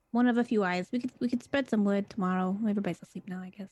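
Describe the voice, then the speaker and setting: A woman's voice: medium pitch, steady tone, fast, few pauses, warm tone, no room sound. A woman playing a tabletop game, talking in character in a casual, hesitant way that trails off, over an online call. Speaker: player. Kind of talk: in-character role-play chat. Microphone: online call microphone.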